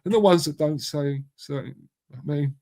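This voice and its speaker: A man's voice: a little high, unhurried, mellow. Blunt, matey English man streaming live. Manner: blunt and matey, swears, calls viewers mate and bruv. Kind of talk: casual live chat reading viewer comments.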